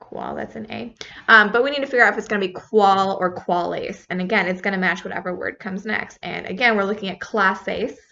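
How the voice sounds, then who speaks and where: A woman's voice: mid-range voice, fairly quick, vocal fry, pushed and bright. A woman teaching a recorded lesson, casual and patient, spelling words out letter by letter. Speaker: Spanish teacher. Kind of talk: recorded classroom feedback lesson. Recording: slightly dull lo-fi recording.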